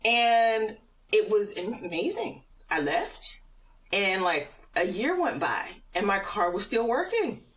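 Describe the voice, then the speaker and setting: Animated middle-aged woman, a bit off-mic. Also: mid-range voice, a little slow, distant mic, rough recording. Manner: animated storyteller, laughs often. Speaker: podcast guest. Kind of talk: personal testimony in casual conversation.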